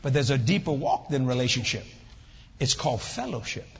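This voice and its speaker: Lively older male preacher in a hall. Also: mid-range voice, fairly quick, gravelly, breathy edge, dull audio. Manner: animated storytelling, acts out voices, jokes with congregation. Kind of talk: sermon. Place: church hall with audience.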